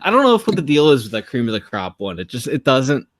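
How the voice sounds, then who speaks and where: A man's voice: mid-range voice, huge pitch swings, quick pace, dry recording. A man co-hosting a casual podcast chat, enthusiastic, laughing often and restarting his phrases.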